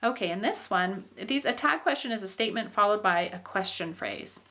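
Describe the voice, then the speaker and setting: A woman's voice: mid-range voice, lively intonation, fairly quick, bright, forceful tone. Woman, teacher, patient explanations, frequent um and okay, exaggerated demonstrations. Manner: demonstrates phrases with exaggerated rises and falls. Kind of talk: explaining English intonation.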